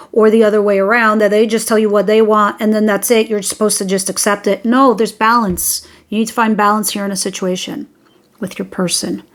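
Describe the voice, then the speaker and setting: A young woman giving a casual tarot reading, talking directly and emphatically to her listeners, with the odd swear word. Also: mid-range voice. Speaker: tarot reader.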